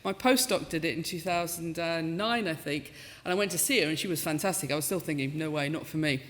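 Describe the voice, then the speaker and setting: Woman in her fifties, professor telling comic stories on stage in a big reverberant hall, animated and self-mocking. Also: low voice, brisk. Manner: lively, self-mocking, acts out quoted voices. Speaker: professor giving a talk. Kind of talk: storytelling talk with comic asides. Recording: lecture hall with long reverb.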